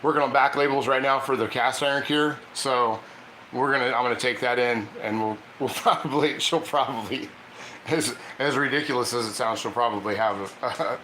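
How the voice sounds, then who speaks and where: A man's voice: medium pitch, moderate pace, sharp tone, echoey room, slight background noise, poor audio. A man hosting a casual cooking stream, chatty and laughing often as he coaxes his dog through tricks. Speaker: cooking channel host. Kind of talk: casual live cooking chat.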